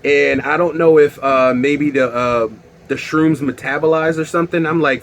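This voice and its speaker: A young man telling a wild story on his vlog in a casual, animated way, swearing and bursting into loud exclaims. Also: on the high side, moderate pace, slight background noise. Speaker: vlogger.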